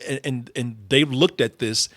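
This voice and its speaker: A man's voice: mid-range voice, fairly even intonation, a little slow, a bit bright, dry recording. A man hosting a casual commentary talk show, speaking emphatically with many restarts. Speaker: show host.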